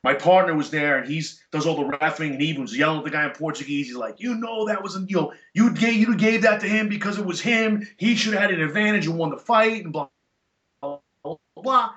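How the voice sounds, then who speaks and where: Bright-voiced middle-aged man telling stories. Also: fairly high pitch, a little fast. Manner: animated, emphatic, blunt with profanity. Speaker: podcast guest, chiropractor and jiu-jitsu black belt. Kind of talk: casual storytelling chat. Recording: echoey room, dull lo-fi sound.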